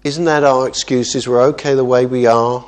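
A man preaching as a pastor, earnest, moving between quiet asides and emphatic exhortation. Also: medium pitch, steady tone, normal speed. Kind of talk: sermon.

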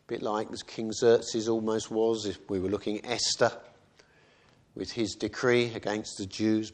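A man's voice: lowish voice, steady tone, measured pace. A man preaching a sermon in a conversational way, often asking rhetorical questions.

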